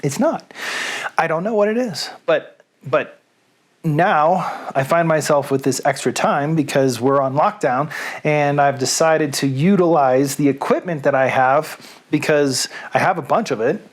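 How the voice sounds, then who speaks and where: A man's voice: fairly high pitch, unhurried. Rambling man, chatty DJ at home. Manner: self-deprecating, chatty, rambling. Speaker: radio DJ and video host. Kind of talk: casual rambling monologue to camera. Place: small room at home. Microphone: studio microphone.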